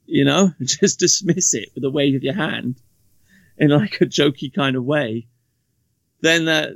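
A man's voice: fairly high pitch, unhurried, vocal fry, dry recording. A man talking in casual podcast chat, rambling with many restarts and mocking asides. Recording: dull, lo-fi, dry sound.

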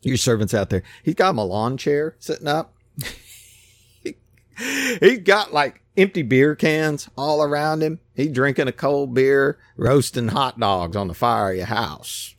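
A man's voice: medium pitch, measured pace, no room sound. A man preaching a casual, folksy sermon who acts out the voices in his stories.

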